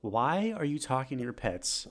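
Animated young man ranting. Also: moderate pace. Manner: ranting, mocking baby talk in squeaky voices. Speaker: podcast co-host. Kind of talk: casual chat.

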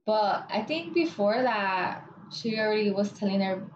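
A woman's voice: medium pitch, animated, measured pace. A young woman in casual chat, bluntly retelling workplace drama with lots of swearing and fillers. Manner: blunt, profane, full of "like" and "dude". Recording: roomy, dull, lo-fi with faint hiss.

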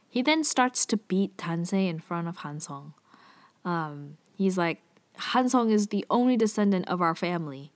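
A woman's voice: fairly low pitch, expressive, moderate pace. A woman giving a casual, chatty recap of a TV drama episode, sprinkling her talk with "like" and fillers. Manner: chatty, heavy use of "like" and filler.

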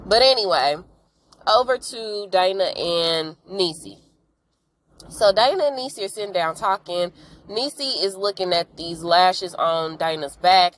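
A woman's voice: fairly low pitch, poor audio. Chatty woman host recapping with slangy asides. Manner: animated storytelling with frank, slangy asides; acts out characters' lines in quick voices. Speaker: podcast host recapping a TV episode. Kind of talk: casual chat.

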